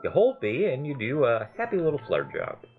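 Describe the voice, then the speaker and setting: A man hosting a let's play, giving excitable, gushing game commentary and swearing casually. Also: mid-range voice, normal speed, narrow, tinny audio, soft background music.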